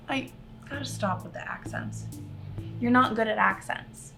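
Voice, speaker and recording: A woman's voice: fairly high pitch, unhurried, vocal fry, sharp tone, faint music behind. A young woman vlogger chatting casually through a makeup tutorial, rambling and joking at her own expense as she talks to her viewers. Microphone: camera on a tripod.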